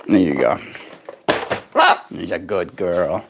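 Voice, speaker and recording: A young man streaming live, chatting casually with his viewers and reading their messages with easy chuckles. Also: noisy background. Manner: slow, relaxed, reads chat aloud and chuckles; high, sing-song baby talk to his pet bird.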